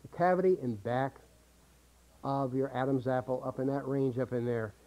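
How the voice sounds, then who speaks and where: A man's voice: medium pitch, moderate pace, warm tone. A man teaching a voice acting seminar, explaining and demonstrating vocal sounds to a group. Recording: tinny, muffled old seminar tape.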